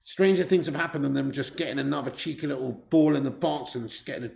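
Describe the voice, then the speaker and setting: A man hosting a live football watch-along, chatting casually, reading out viewer messages and swearing when he gets excited. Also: medium pitch, quick pace, gravelly. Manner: excitable, swears, reads viewer chat aloud.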